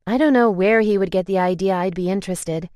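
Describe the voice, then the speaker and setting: A woman's voice: mid-range voice, fairly quick, a little mellow, no echo, clean studio sound, pitched above the performer's own voice, lightly acted. A woman voicing an exasperated fifteen-year-old girl who pleads and protests.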